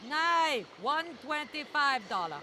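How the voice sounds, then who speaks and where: A woman's voice: sits high, big pitch swings, slow pace, bright, forceful tone, a little hiss or hum, full character voice. An actress voicing a haggling barge-owner woman in a video game, speaking blunt, broken English with a Russian accent. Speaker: game character.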